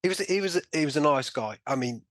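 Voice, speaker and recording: A man, a guest in an interview, tells a personal story with animated delivery, acting out his own and the doctors' remarks and often saying "you know". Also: fairly high pitch, brisk, no room sound.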